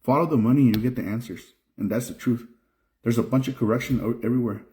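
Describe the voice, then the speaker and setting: Young male trucker from Mexico, dark mellow tone, frustrated vlog rant with restarts. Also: medium pitch, fast talker. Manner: frustrated, repeats himself, restarts phrases. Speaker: trucker and video creator.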